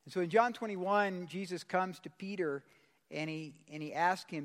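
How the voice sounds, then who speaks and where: A man pastor with a fairly high voice preaches to his congregation in a loose, slangy way, asking them questions as he goes. His voice rings with long reverb in the hall. The tone is conversational rather than formal. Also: unhurried. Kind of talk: sermon. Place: church service.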